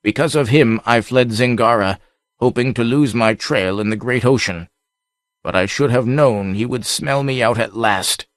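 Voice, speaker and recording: A man voicing a brooding, haunted nobleman who speaks slowly and somberly, in an audiobook reading. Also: medium pitch, no echo, clean studio sound, lightly acted. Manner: somber, slow.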